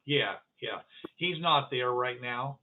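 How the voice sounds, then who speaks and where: Halting game master on a tinny line. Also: male voice, medium pitch, a little hiss or hum. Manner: halting, many fillers and restarts. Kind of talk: narrating a tabletop game. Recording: phone-like narrow band.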